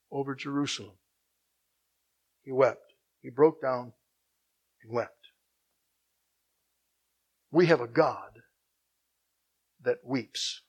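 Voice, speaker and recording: A man preaching a sermon, swinging between hushed, slow passages and loud, emphatic ones, and repeating phrases for emphasis. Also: mid-range voice, low-quality recording.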